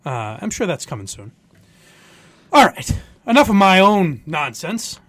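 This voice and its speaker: A man's voice: high voice, unhurried. A man hosting a podcast, telling stories in casual chat and mimicking the people in them. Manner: animated storytelling, mock voices for others. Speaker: podcast host.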